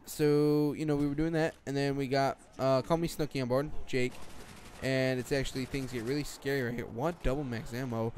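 A man's voice: mid-range voice, fairly even intonation, a little fast, a little mellow, slight background noise. A teenage boy giving rambling, jokey gameplay commentary late at night, swearing and jumping between topics. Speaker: gaming commentator.

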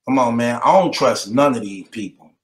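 A man's voice: medium pitch, moderate pace, roomy sound. A man delivering a mocking rant to the camera, taunting and repeating his jabs and breaking into laughter between them.

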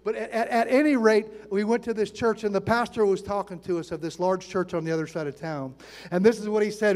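A man in his sixties delivers a sermon, acting out the people in his stories. His voice sits very high for a man, and it echoes with a long reverb through a large church sanctuary. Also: brisk. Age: 60s. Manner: animated storytelling, acts out quotes. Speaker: pastor.

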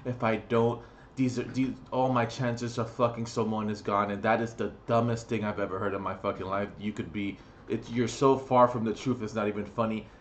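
A man's voice: lowish voice, level tone, brisk, slight background noise. A man ranting on his vlog, crude and profane, blunt and mocking. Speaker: vlogger.

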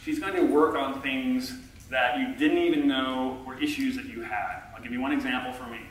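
A middle-aged man giving a conference talk from a stage, a self-confessed low talker who is chatty and self-deprecating and talks back and forth with the audience. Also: steady tone, moderate pace, a little hiss or hum. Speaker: conference speaker. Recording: echoey hall, heard from far off.

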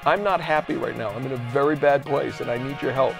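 A man casually bantering while playing an old video game, self-mocking and breaking into excited outbursts. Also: mid-range voice, fast talker, gravelly, music in the background. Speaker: game show co-host. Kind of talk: casual let's-play banter.

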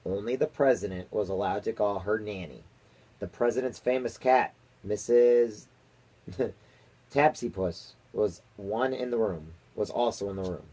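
A man reading a children's book aloud to his daughter, with steady storytelling and small slips. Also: on the low side, measured pace, breathy edge, poor audio.

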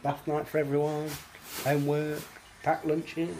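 A man's voice: fairly high pitch, level tone, measured pace, a little mellow, a little hiss or hum. A British man vlogging casually at home on a handheld phone, rambling with lots of fillers and restarts. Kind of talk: casual daily vlog chat. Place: at home, indoors.

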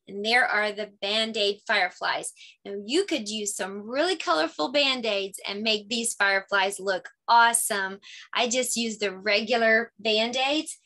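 A woman teacher talking casually through her lesson ideas. She explains things chattily and sounds out words slowly when she demonstrates them. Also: mid-range voice, sharp tone. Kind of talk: casual lesson-idea walkthrough.

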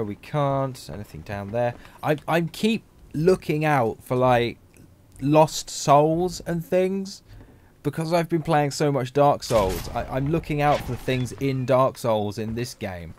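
A man's voice: mid-range voice, darkish tone, a little hiss or hum. A man giving chatty, rambling let's-play commentary as a gaming channel host, joking and laughing often.

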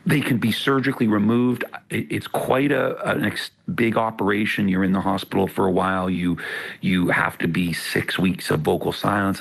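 A middle-aged man with a gravelly voice, explaining things in a measured way as an interview guest. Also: low-pitched, fairly bright tone. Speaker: author guest. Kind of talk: interview conversation.

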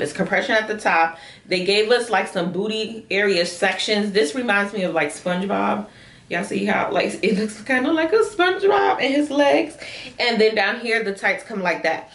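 A young adult woman doing a casual shapewear try-on for her viewers, chatty and animated, calling them girl and y'all, often jumping into high excited squeals. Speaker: beauty vlogger reviewing shapewear. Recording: echoey room.

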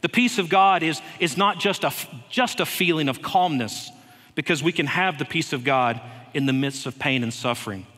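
A man preaching a sermon in a church, earnest and unhurried, with light touches of humor. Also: fairly high pitch, sharp tone. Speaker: head of school preaching. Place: church sanctuary. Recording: long reverb of a church hall.

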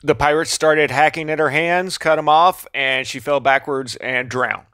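A man's voice: on the high side, fairly even intonation, a little slow, fairly bright tone, smooth, no room sound. Casual man narrating, dry close sound. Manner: offhand, sarcastic asides. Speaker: video narrator.

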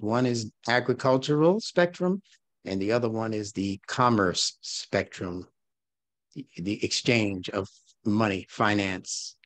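In a dry recording, a religious instructor with a medium-pitched voice leads a class, challenging his audience through rhetorical questions and coming back to his main points again and again.

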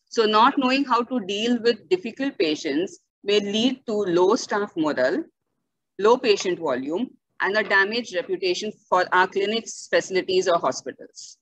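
A woman's voice: medium pitch, a bit bright, no echo, poor audio. Woman giving an online lecture, dry sound. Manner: explanatory, frequent "okay" and "uh" fillers, restarts. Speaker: lecturer on bioethics. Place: home or office, virtual webinar. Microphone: computer mic on a video call.

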